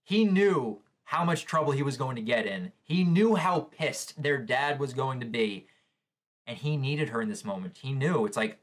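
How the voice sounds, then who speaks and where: A man's voice: medium pitch, expressive, normal speed. Man reacting live to a manga chapter. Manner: narrates panels aloud, reacting with shock.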